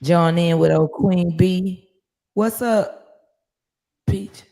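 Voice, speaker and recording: A woman's voice: on the low side, drawn-out words, gravelly. Woman, livestream host, casual chat, profane storyteller, phone mic. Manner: lively, profane storytelling with laughs.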